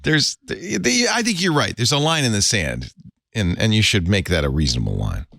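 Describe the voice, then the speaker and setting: Easygoing male podcast host, lively pitch. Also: normal speed, gravelly, dry recording, clean studio sound. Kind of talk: casual panel chat.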